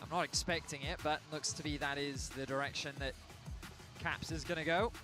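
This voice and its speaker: A man giving measured, explanatory analysis during an esports broadcast. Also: on the high side, steady tone, music in the background. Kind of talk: analytical commentary.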